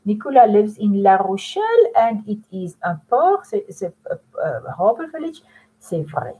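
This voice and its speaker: A woman teaching a French lesson in English, patient and repeating phrases slowly. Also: medium pitch, sing-song, dark tone, husky, low-quality recording. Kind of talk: recorded online lesson.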